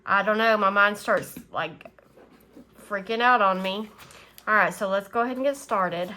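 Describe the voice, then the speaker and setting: A woman's voice: mid-range voice, normal speed, sharp tone, slight background noise. A middle-aged woman chatting casually to camera as a budgeting vlogger, rambling with many fillers and counting money aloud. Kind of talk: casual chat to camera while counting cash.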